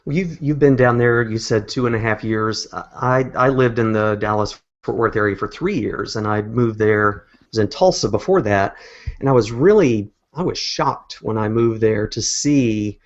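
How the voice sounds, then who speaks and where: A man's voice: lowish voice, moderate pace. Male podcast host, rambling casual questions, dull lo-fi sound. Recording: dull lo-fi audio.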